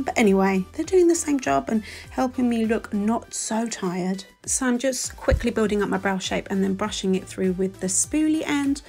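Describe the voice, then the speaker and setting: A London-accented Englishwoman in her forties narrates a makeup tutorial voice-over as a beauty vlogger, chatty, gushing and self-deprecating. Her voice is mid-range with a darkish tone. Faint music plays underneath.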